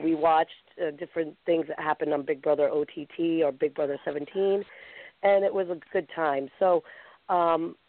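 A woman's voice: sits low, no room sound. A woman talk show host telling a story in chatty, casual fashion, full of filler words. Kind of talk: casual chat. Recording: tinny phone line.

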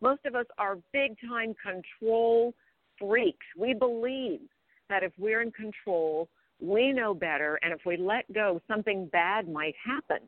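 A woman's voice: medium pitch, measured pace, no room sound. A woman hosting an interview, encouraging and explaining ideas to her listeners. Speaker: host. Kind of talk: interview over the phone. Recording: dry tinny phone line.

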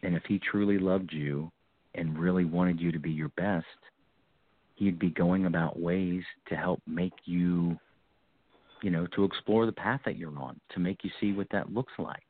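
Low-voiced man hosting a call-in show. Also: normal speed, dry recording. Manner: reassuring, coaching, lively. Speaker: psychic radio host. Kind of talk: call-in reading, casual advice. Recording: tinny phone-like line, dry.

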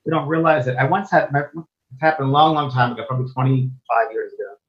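A man interviewed as a spiritual medium and teacher talks fast at a medium pitch in casual interview chat. He speaks earnestly, frequently repeating or restarting phrases, and the sound is dull and lo-fi.

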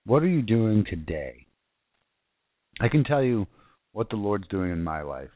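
A man's voice: fairly low pitch, very animated, unhurried, no room sound. A man preaching an informal, fervent sermon that rambles, with frequent restarts and repeated phrases. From South Florida. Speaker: internet radio preacher. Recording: tinny phone-line sound.

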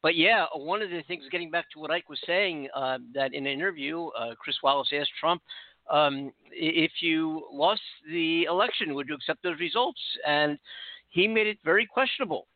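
A man's voice: on the high side, moderate pace, dry recording. A man from the United States hosting a casual radio talk show, earnest and rambling with many restarts. The sound is tinny and dry, like a phone line.

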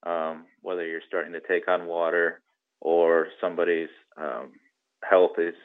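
A very deep-voiced man walks through his explanation patiently, pausing on fillers as he goes. His voice arrives over a thin, phone-like line that strips away the lows and highs. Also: flat delivery. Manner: measured, explaining step by step with fillers. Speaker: guest expert on marine radio. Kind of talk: explanatory podcast interview.

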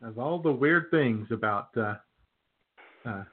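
Male podcast co-host, mid pitch, sardonic and filler-heavy, phone-band sound. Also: expressive, slow, phone-quality sound. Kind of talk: casual chat.

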